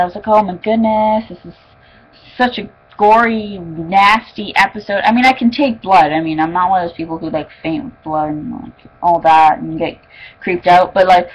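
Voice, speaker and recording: A young woman casually recapping a TV episode, chatty and excitable, full of fillers and exclamations. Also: medium pitch, low-quality recording. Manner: chatty and excitable, lots of "like" and "oh my god". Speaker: fan reviewing an episode.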